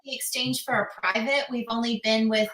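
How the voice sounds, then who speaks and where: A woman's voice: on the high side, fairly even intonation, brisk, a bit bright. Hesitant woman in an echoey room. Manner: hesitant, with many "um"s. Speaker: paranormal investigator, podcast guest. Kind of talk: casual podcast chat.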